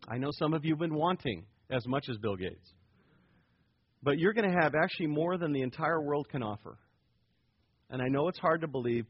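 A man's voice: mid-range voice, husky. A man preaching an evangelical sermon, emphatic, with big swings in volume and playful asides. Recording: dull lo-fi recording.

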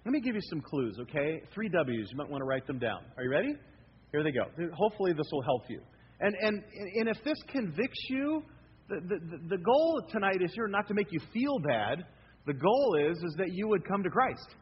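High-voiced pastor preaching in a hall. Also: male voice, a little fast, slightly rough. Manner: animated preaching, acts out listeners' inner voices. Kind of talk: sermon. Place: church hall. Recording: lo-fi hall recording with faint noise.

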